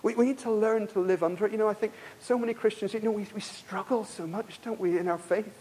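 A man preaches a sermon emphatically and repetitively, posing rhetorical questions to the congregation and swinging between loud stresses and quiet passages. His voice is high-pitched and breathy-edged, with fairly even intonation, and he talks fast.

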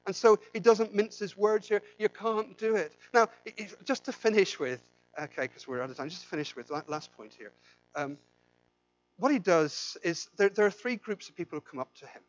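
Impassioned preacher, high voice. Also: male voice, expressive, normal speed, dry recording, highs cut off. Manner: impassioned, swings from loud pleading to quiet intensity; repeats and restarts phrases, asks the congregation questions. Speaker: pastor. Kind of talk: sermon.

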